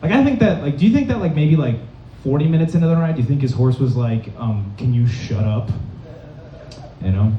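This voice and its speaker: A young man from Massachusetts doing a rambling stand-up set in a comedy club, deadpan and full of fillers. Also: on the high side, fast talker, slight background noise. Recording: dull, roomy, distant club recording.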